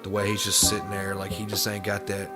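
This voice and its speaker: Man, low voice, sarcastic profane reaction commentary, music bed underneath. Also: completely flat delivery, fairly quick. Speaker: reaction video host. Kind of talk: mocking commentary over clips.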